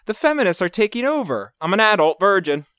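A man's voice: sits high, very animated, fairly quick, a bit bright, clean tone, dry recording, studio quality, pitched above the performer's own voice. A man quoting a whiny, indignant young guy in a put-on voice.

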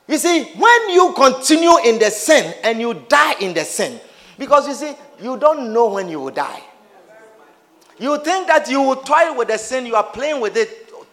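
A man's voice: very high voice, sing-song, measured pace, a bit bright. A man preaching a sermon, calling out to his congregation with questions and playful teasing.

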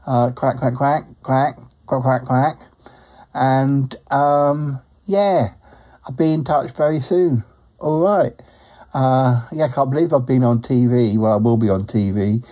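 A slow, rambling talking duck, as a man puts him on, chatty and a bit lonely. He sprinkles quacks through every thought and chuckles at his own jokes. His voice sits low and mellow for a comic podcast bit. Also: muffled recording, lightly acted. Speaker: show regular. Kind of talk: comic character monologue.

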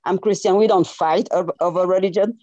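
A woman's voice: fairly low pitch, steady tone, brisk, dark tone, no echo, highs cut off. A woman from Senegal with a French accent, an earnest community organizer who repeats herself as she makes her points. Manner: earnest, repeats phrases, laughs between thanks.

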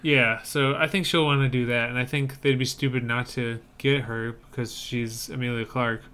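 A man's voice: mid-range voice, fairly even intonation, moderate pace, bright, forceful tone, clear, resonant tone. A man co-hosting a podcast, chatting casually and giving opinions on movie trailers with frequent fillers. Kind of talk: casual chat.

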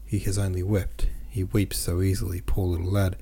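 Deep, gravelly man reading a novel. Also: flat delivery, normal speed, warm tone. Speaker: audiobook reader. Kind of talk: novel read aloud.

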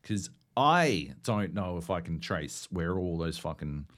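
Lively, sweary podcast co-host man. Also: deep voice, measured pace. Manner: animated, sweary, mock-indignant storytelling. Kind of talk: casual chat.

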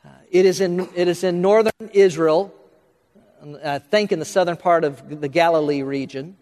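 A man preaching a Bible-study sermon, speaking quickly, with frequent restarts and filler words, and pushing up into questions he asks the room. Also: on the high side, steady tone, a little mellow. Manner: talks quickly, restarts and fills in with uh, rising to questions. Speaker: pastor. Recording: long hall reverb.

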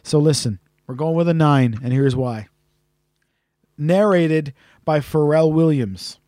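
A man co-hosting a podcast in casual chat, rambling and halting with many fillers and restarts. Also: fairly high pitch, warm tone, dry recording, clean studio sound. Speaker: podcast co-host.

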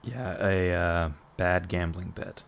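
A man's voice: low voice, slow pace, creaky. A man co-hosting a casual podcast chat, prompting his partner with amused questions. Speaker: podcast co-host.

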